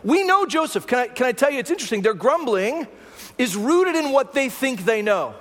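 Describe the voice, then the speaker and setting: A man's voice: very high-pitched, sing-song, fairly quick, a bit bright, long reverb tail. A man preaching a sermon as pastor, talking through the scripture in a conversational way and often checking in with the congregation. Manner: conversational preaching with rhetorical "right?" asides.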